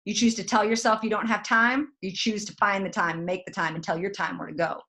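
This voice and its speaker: A woman, talking in a folksy, direct and animated way as she gives motivational advice. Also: medium pitch, fairly quick, slight background noise. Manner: folksy, direct, animated, says "y'all" a lot. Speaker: guest network marketing leader. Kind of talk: motivational talk.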